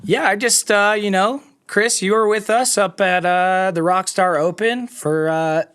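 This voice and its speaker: A man's voice: high-pitched, a little slow, fairly bright tone, smooth. A man in his thirties dropping in on a podcast, joking around in a laid-back way. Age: 30s. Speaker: drop-in guest.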